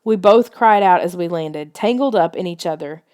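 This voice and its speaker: A woman's voice: lowish voice, moderate pace, a little mellow, smooth. A woman narrating a children's adventure book in a tense, suspenseful reading style. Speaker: audiobook reader. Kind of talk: scripted storybook narration.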